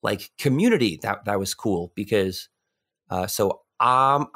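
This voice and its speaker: A man's voice: on the low side, expressive, measured pace, fairly bright tone. A young man from New York telling a story in casual podcast chat, rambling with lots of fillers and restarts. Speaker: podcast guest.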